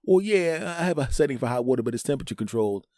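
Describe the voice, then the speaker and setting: A man's voice: medium pitch, animated, rapid-fire, warm tone, no echo, studio quality, close to an everyday voice. A man voicing a petty, resentful bidet that complains in a whiny tone. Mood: aggrieved.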